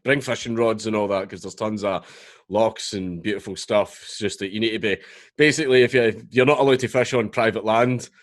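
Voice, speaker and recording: A man's voice: on the low side, fairly even intonation, fairly quick. A Scottish man in his thirties telling stories as a guest in a casual podcast chat, swearing freely. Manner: swearing, storytelling, laughs often.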